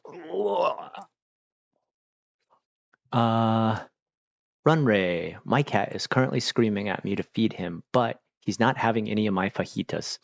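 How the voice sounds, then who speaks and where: Low-voiced man rambling on a livestream. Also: vocal fry, no room sound, dull audio. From Pennsylvania, US. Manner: rambling, chatty, talks while eating. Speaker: livestream host. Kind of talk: casual livestream chat.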